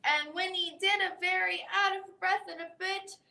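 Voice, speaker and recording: A woman hosting a library storytime, reading a children's bedtime story in an expressive storybook voice with big swings for effect, then leading the kids through a song. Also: extremely high pitch, normal speed, vocal fry. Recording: echoey room.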